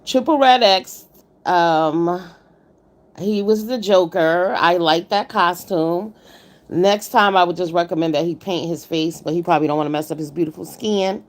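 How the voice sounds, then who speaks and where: A woman's voice: fairly low pitch, moderate pace. A woman hosting a casual livestream, giving blunt commentary on a contest and greeting viewers by name. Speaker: livestream host reviewing a contest.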